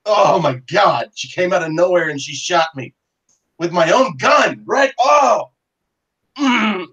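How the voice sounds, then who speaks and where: A man's voice: expressive, slow, bright, forceful tone, distant mic, muffled recording, heavily acted. A man playing a shot marshal yelping in pain. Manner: groaning, whiny, breaking into high yelps. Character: wounded male marshal, moaning and panicky.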